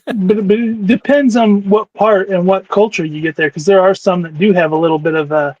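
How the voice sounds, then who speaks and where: A man co-hosting a casual podcast livestream, chatty and quick to laugh. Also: high voice, steady tone, darkish tone, no echo, highs cut off. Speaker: podcast co-host.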